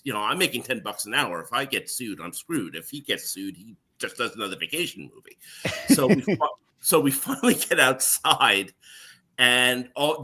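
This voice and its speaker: Bright-voiced middle-aged man telling stories. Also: lowish voice, slightly rough. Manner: animated, laughs often. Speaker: guest, former NBC page. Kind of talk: casual storytelling.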